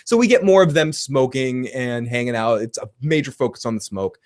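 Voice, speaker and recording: A man's voice: mid-range voice, expressive, a little fast. A man giving a casual, rambling TV episode recap, swearing freely and chuckling as he goes. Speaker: TV show reviewer.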